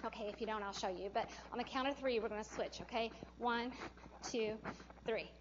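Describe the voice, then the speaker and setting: A woman's voice: a little high, brisk, muffled recording, noisy background. A woman teaching a hands-on CPR class in a training room, chatty and encouraging, often laughing as she talks. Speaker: CPR instructor.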